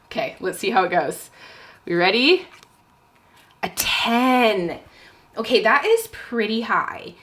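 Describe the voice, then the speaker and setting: A young adult woman book vlogger chatting casually at home, excitable and nervous as she plays a card game. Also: medium pitch, slow, long pauses. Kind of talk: casual vlog chat.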